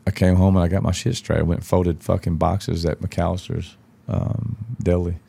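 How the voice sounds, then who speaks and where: A man's voice: sits low, little pitch movement, moderate pace, creaky, dark tone, husky. A man, a podcast guest telling stories in a blunt, profane, casual way. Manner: profane, blunt, acts out quoted dialogue. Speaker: podcast guest, country singer. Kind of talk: casual storytelling chat.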